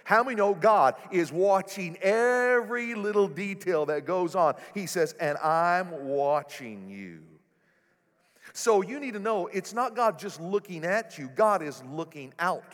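A male pastor preaching a sermon in a church, animated and building to loud exclamations. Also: high-pitched, normal speed, hardly any pauses. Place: church sanctuary. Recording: echoey hall.

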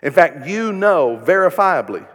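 A pastor preaching a sermon, firing rhetorical questions at the congregation and swinging between loud emphasis and hushed, tender passages. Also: male voice, on the high side, big pitch swings, measured pace, in a large hall.

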